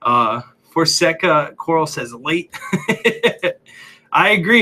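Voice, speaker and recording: Young male host, relaxed and chatty, reading comments aloud, slightly out of breath, bright upper-middle voice. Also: a little high, drawn-out words, long pauses. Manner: chatty, laughs often, reads viewer comments aloud. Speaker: livestream host. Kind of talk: casual livestream chat.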